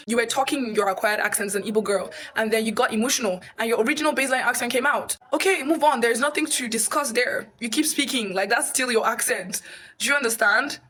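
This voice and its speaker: A woman's voice: a little high, fast talker, pushed and bright. A woman, giving emphatic, explanatory social commentary to camera. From Nigeria. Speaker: video creator.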